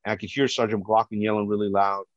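A man with a big, loud voice, a police officer giving personal testimony. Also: fairly low pitch, level tone, fast talker, no echo. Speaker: police officer telling his story. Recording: dull, dry lo-fi recording.

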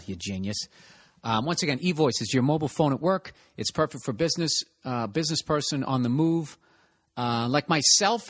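Male podcast host and comic, somewhat high voice, loose profane ad read, rambling and self-mocking. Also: a bit bright. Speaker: podcast host and stand-up comedian. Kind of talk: casual ad read.

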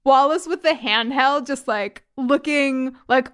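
A woman's voice: high voice, unhurried, a bit bright, dry recording, studio quality. A woman, co-hosting a podcast and teasing her co-host through rambling, playful asides. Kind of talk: casual chat recapping a TV episode.

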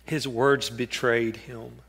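A man preaching a sermon in an earnest way, with a bright, forward tone. He repeats names and phrases and drops to a near hush for the quoted words of scripture. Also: mid-range voice, flat delivery, takes it slowly, vocal fry, breathy edge. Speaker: pastor.

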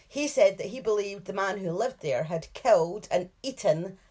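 A woman talks through a case on a podcast in a loose, chatty way. She laughs often and hedges when she is unsure of a detail. Her voice sits at an ordinary middle pitch. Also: lively intonation, moderate pace, a little mellow, breathy edge. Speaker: true crime podcast co-host. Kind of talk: casual chat and case narration.

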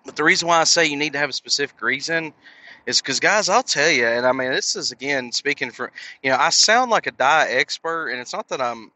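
A man's voice: on the high side, animated, a little fast, pushed and bright, no echo. A man hosting a podcast, talking casually into a headset in a rambling, self-deprecating way, full of fillers and acted-out voices. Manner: acts out voices of people in his stories. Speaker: podcast host.

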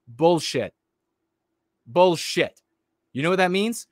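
This livestreaming political commentator has a voice on the high side and an animated delivery at a moderate pace. He speaks bluntly and angrily, breaking off and starting over with fillers, recorded in clean studio quality with no room sound.

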